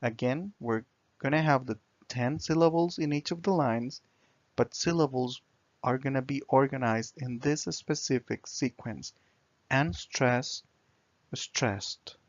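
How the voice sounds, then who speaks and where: Guy explaining sonnets real slow, dry kinda dull sound. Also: medium pitch, darkish tone, no room sound. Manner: slow, deliberate, stresses syllables when demonstrating. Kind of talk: explaining poetry lesson.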